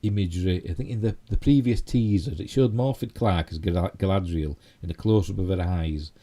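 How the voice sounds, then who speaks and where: Speaking a little fast in a low, warm voice, a Yorkshire-accented man from Yorkshire, England hosts a casual live stream. He rambles through geek news, leaning heavily on "you know" and tag questions.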